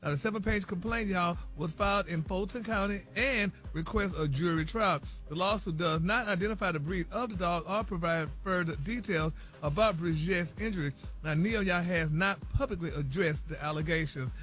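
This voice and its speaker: A man's voice: high-pitched, moderate pace, few pauses, fairly bright tone, faint music behind. A man reading celebrity news on a morning radio show in a dramatic way, peppering every sentence with "y'all" and "honey.". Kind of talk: morning radio gossip report. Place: radio studio.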